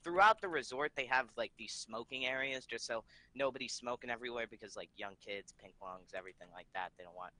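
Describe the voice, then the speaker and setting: A man's voice: mid-range voice, quick pace, few pauses, bright, forceful tone, dry recording, rough recording. A man telling a rambling story on a live podcast, laughing between lines.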